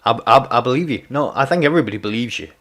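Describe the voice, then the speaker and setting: A man's voice: mid-range voice, expressive, very fast, a bit bright. Chatty man streaming a game. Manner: chatty, repeats words, teasing. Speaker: gaming streamer. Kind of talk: casual live gameplay chat.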